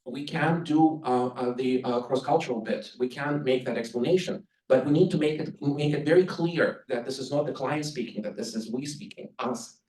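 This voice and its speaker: In a conference room, a man originally from the Soviet Union delivers an earnest talk on interpreting, advising the audience as an instructor. His voice is medium-pitched and darkish, moving at a moderate pace with few pauses, and the distant mic makes it sound roomy.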